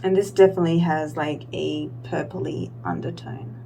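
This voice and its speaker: A young woman with a lowish, gravelly voice chats through her makeup routine in a loose, rambling way, full of "like" and small self-mocking asides. A faint hum sits under the recording. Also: big pitch swings, moderate pace. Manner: rambling, filler-heavy, self-deprecating. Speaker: beauty vlogger. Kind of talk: casual makeup tutorial chat.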